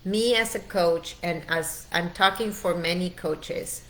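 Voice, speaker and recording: A middle-aged woman as a wellness coach, leading a guided training in a slow, soothing, heartfelt way. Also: lowish voice. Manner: slow, soothing, heartfelt, urges the listener to breathe.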